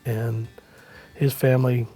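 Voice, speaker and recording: A middle-aged man, a musician guest, telling a rambling story in a relaxed way, with many fillers and acted-out quotes. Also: medium pitch, slow, faint music behind. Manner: acts out quoted lines in the story. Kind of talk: casual anecdotal storytelling.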